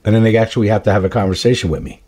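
Husky-voiced male radio host. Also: on the low side, racing, darkish tone. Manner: upbeat, joking storyteller. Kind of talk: talk radio banter.

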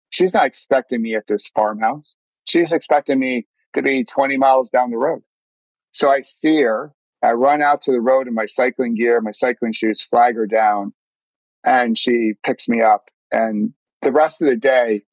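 A man's voice: medium pitch, fairly even intonation, moderate pace, no room sound, low-quality recording. A man telling a personal story as a podcast guest, earnest, acting out his own thoughts and often restarting words. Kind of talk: casual storytelling.

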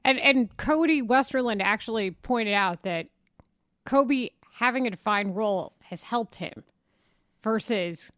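A woman co-hosting sports talk radio in a studio, lively and questioning. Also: medium pitch, no echo. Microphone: studio mic.

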